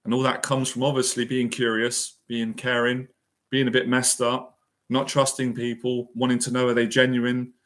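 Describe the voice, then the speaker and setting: A man's voice: medium pitch, monotone, moderate pace, fairly bright tone. A man delivers a heartfelt motivational monologue about facing fear. He speaks with earnest emotion, repeating phrases for emphasis as he coaches his listeners. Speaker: anxiety and confidence mentor.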